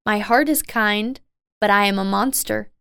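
Storybook beast, male, lonely and gentle, a woman doing him; crisp, dry, unhurried. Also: medium pitch, no echo. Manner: slow, simple, plainly spoken lines.

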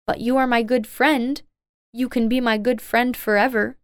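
A woman's voice: fairly high pitch, steady tone, clear, resonant tone, no room sound, studio quality, lightly acted. Beauty, a kind young woman read by a woman. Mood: earnest. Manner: slow, simple, plainly spoken lines.

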